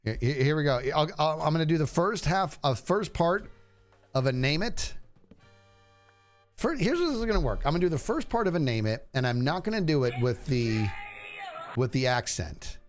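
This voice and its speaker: A man's voice: a little high, animated, normal speed, soft background music. A man streaming a game, chatting casually and rambling to his viewers. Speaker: livestreamer. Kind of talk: casual gameplay stream chat.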